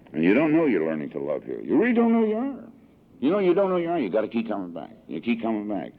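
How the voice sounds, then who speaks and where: Gravelly-voiced man in his sixties. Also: fairly low pitch. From Southern California. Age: 60s. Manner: emotional, heartfelt storytelling with sudden swells. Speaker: recovery meeting speaker. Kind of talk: personal testimony talk. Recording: tinny lo-fi 1982 archive tape.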